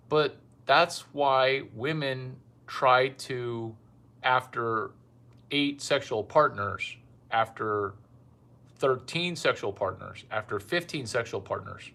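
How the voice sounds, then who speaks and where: A man's voice: medium pitch, pushed and bright. A man delivering a rambling, provocative comic monologue with brash, repetitive phrasing. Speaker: self-styled dating advice comedian.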